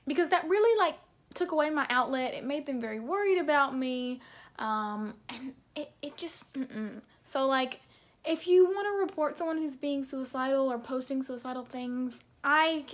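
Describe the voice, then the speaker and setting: A woman's voice: high-pitched, expressive, normal speed. A young woman vlogger chatting casually and self-deprecatingly, with lots of fillers as she reacts to her posts.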